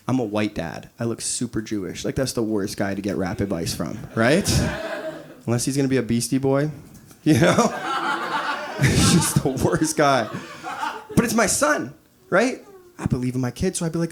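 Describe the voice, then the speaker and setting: Animated man in his thirties doing stand-up. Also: mid-range voice, normal speed. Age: 30s. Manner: animated, crude, acts out quoted voices. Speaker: stand-up comedian. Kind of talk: stand-up comedy set. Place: comedy club stage before a laughing audience.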